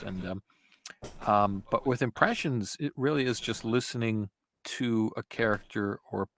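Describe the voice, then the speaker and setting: A man guesting on a casual podcast as a voice actor, chatting in an animated and playful way, with loud bursts and quieter asides. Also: medium pitch, normal speed, slight background noise. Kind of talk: casual podcast interview chat.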